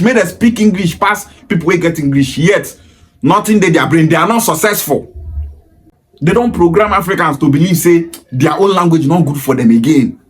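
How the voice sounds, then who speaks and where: A man with a Nigerian accent giving an emphatic, preachy monologue full of rhetorical questions. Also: sits high. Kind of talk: impassioned monologue in Pidgin and Igbo.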